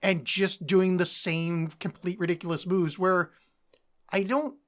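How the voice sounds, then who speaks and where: A woman co-hosting a podcast in casual chat, animated and laughing, slipping into quick mock voices. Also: fairly low pitch. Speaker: podcast co-host.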